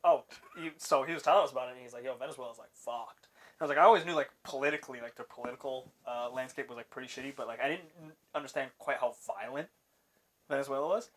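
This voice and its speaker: A man's voice: mid-range voice, quick pace. Rambling casual man, lots of filler. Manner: rambling, many fillers and "like"s, trails off quietly. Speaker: podcast co-host. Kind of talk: casual chat.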